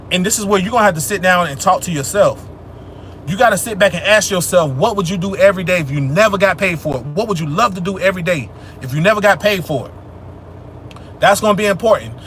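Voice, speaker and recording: A man's voice: sits high, a bit bright, slight background noise. A young man hosting a livestream, answering chat questions about spirituality in a loose, profane, streetwise manner, preaching emphatically.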